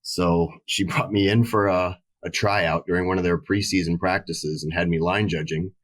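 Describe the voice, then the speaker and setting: A man with a low voice tells coaching stories in a relaxed, conversational way. He fills his talk with "you know" and breaks into lively impressions when quoting others. The sound is dry and close. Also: moderate pace, dry recording. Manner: animated, acts out quoted voices, frequent "you know". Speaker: head volleyball coach, guest. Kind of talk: casual conversational storytelling.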